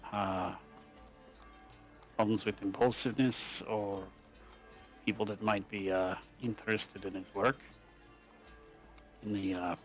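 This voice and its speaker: A man taking part in a tabletop role-playing game, speaking politely and with measured calm. His voice sits fairly low. Faint music plays in the background. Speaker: player. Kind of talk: in-character tabletop play.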